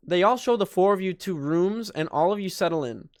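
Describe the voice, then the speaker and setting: A man's voice: high-pitched, expressive, fairly quick, few pauses, over loud music. A young man reading a fan story aloud, breaking off for joking, sarcastic asides. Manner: joking, sarcastic asides and mock-dramatic voices. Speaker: YouTuber.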